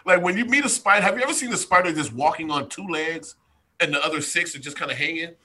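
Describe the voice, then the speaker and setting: A man from the United States tells a story as a podcast guest, talking straight to his listeners with lively energy. His voice is bright and forceful, pitched a bit high for a man. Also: fast. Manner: animated storyteller, addresses listeners directly. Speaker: podcast guest, strength coach. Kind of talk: casual chat, storytelling.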